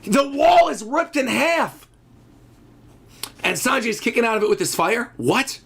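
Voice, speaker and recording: A man hosting a live manga reaction stream, excitable and often shouting and exclaiming as he reads along. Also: very high-pitched, measured pace, gravelly, noisy background.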